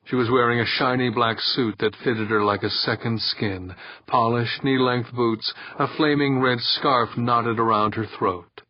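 Slow, husky male narrator. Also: medium pitch, fairly even intonation, no echo, lo-fi sound. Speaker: audiobook narrator. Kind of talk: scripted narration.

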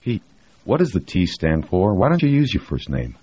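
A man's voice: low voice, huge pitch swings, moderate pace, mellow, slightly rough, dull audio, pitched above the performer's own voice, heavily acted. A man reading an audiobook, voicing a curious and earnest young man who asks eager questions.

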